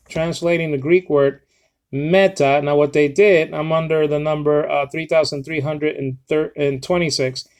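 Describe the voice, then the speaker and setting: A man teaching a casual Bible lesson on Greek grammar, spelling out words letter by letter and checking in with listeners often. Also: a little high. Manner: explains step by step, spells out letters, many fillers like okay.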